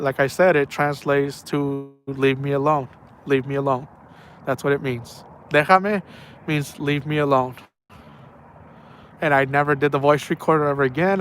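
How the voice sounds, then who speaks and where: A man tells a rambling story on a night outing, circling back and repeating himself. His voice sits slightly high for a man. There is a faint hum of noise in the background. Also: a bit bright. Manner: rambling and repetitive, with slang like "man" and "bro". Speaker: angler telling stories on a night fishing trip. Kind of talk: casual spoken storytelling. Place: outdoors by the water at night.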